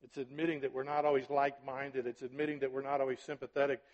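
A man's voice: medium pitch, little pitch movement, fast talker. A man preaching a sermon as pastor, talking conversationally and checking in with his listeners often. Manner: conversational preaching, frequent "right?" and "are you with me?". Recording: dull recording with long hall reverb.

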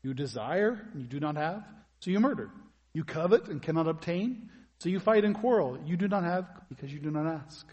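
A man's voice: fairly high pitch, animated, a little fast, a little mellow, husky, long reverb tail, highs cut off. A man preaching a sermon as pastor, in a conversational way that puts questions to his congregation.

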